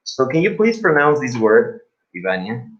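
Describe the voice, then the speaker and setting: A man with a Spanish accent leads a live English pronunciation lesson in a halting, filler-heavy style, often repeating himself. His medium-pitched voice has a sing-song lilt, and the audio is dull and lo-fi.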